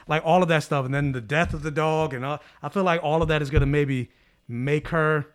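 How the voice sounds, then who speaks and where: A man's voice: a little high, fairly even intonation, a little fast. A man in casual chat about a TV show, thoughtfully laying out theories with lots of fillers.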